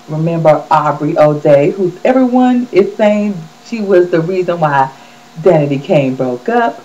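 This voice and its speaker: A woman hosts her own gossip vlog in a mellow, warm-toned voice. Her pitch jumps around with animated, sassy swings as she chats straight to viewers. The audio is dull and lo-fi. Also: a little hiss or hum. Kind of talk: casual celebrity gossip chat.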